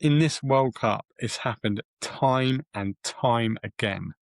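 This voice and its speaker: A man's voice: mid-range voice, slow pace, gravelly, no echo. A man co-hosting a casual podcast, chatting in an easygoing way with many fillers. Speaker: podcast co-host. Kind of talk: casual chat.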